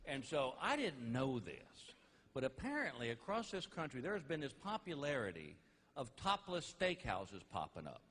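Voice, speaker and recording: Folksy, animated man doing stand-up comedy. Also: medium pitch, moderate pace. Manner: folksy, animated, laughing at his own jokes. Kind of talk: stand-up storytelling. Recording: live comedy album with faint noise.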